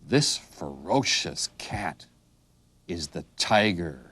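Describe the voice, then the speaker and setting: Slow, deep-voiced man teaching kids animals. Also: very animated, fairly bright tone, no room sound. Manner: slow, sing-song, with animal sounds. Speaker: children's video narrator. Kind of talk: teaching children animal names.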